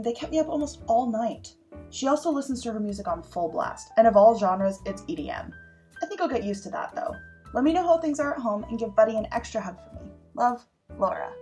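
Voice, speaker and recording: A woman's voice: mid-range voice, darkish tone, natural voice. A woman playing a young college student reading her earnest letters home in a comic monologue. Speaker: improv performer.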